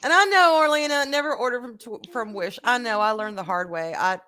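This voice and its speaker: Lively woman chatting casually. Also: on the high side, a little fast, faint music behind. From Georgia, US. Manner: animated, laughs often, casual swearing. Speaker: streamer host. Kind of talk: casual chat while building.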